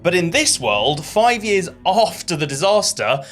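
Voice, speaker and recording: A man's voice: high-pitched, sing-song, unhurried, fairly bright tone, faint music behind. A British man narrating his playthrough of a video game, upbeat and jokey with plenty of exclamations. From United Kingdom. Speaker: gaming YouTuber.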